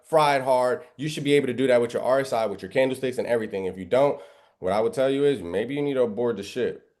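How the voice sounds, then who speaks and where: Teaching a live trading session via screen share, this man speaks in a medium-pitched, darkish voice. His style is forceful and sermon-like, peppered with biblical references, rhetorical questions, and a habitual "right?"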